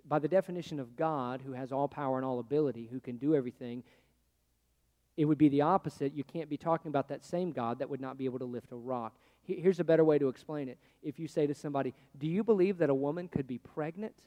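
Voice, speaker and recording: High-voiced male preacher in an echoey hall. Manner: conversational preaching, swinging from loud to hushed. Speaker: pastor. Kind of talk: sermon.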